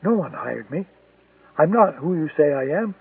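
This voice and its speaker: A man's voice: on the high side, lively intonation, moderate pace, creaky, breathy edge, no echo, heavily acted. Man voicing a frightened, defiant woman fugitive. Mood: frightened pleading. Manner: pleading, insisting denial. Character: frightened, defiant woman, former militant under cover. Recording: tinny, distant, dry lo-fi recording.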